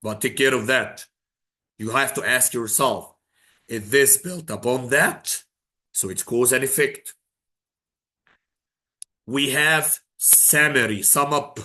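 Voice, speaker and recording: A man's voice: medium pitch, slow pace, long pauses, bright, forceful tone. A man teaching an exam prep lesson in English, dropping Arabic phrases in and repeating his key points for emphasis.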